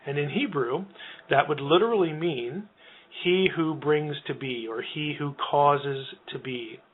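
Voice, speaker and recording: A man's voice: on the high side, a little slow, breathy edge. Man explaining over a tinny phone line. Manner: patient, academic, explanatory. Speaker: guest scholar. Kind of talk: radio interview explanation.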